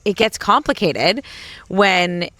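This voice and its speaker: A woman's voice: medium pitch, lively intonation, slow pace, a bit bright, no room sound. A middle-aged woman co-hosting a podcast, talking candidly and casually with plenty of fillers. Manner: candid, conversational, many fillers. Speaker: podcast co-host. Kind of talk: casual chat.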